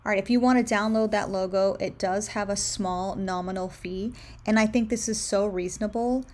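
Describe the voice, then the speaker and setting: A woman's voice: mid-range voice, steady tone, moderate pace, darkish tone. A young woman talking casually as she clicks through design tools in a tutorial, upbeat and full of recommendations. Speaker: candle brand owner. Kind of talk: screen-share tutorial.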